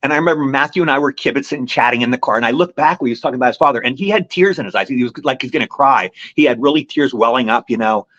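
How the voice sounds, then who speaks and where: A man's voice: mid-range voice, rapid-fire, few pauses, fairly bright tone, no room sound. An older man, an actor guest on an interview show, telling long rambling anecdotes in casual chat. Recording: dry, slightly muffled lo-fi recording.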